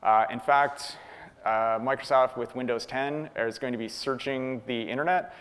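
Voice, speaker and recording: A man's voice: medium pitch, steady tone, normal speed, fairly bright tone. A man from Canada speaking at a tech conference, casually answering audience questions with frequent ums and uhs. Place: conference hall. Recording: long hall reverb.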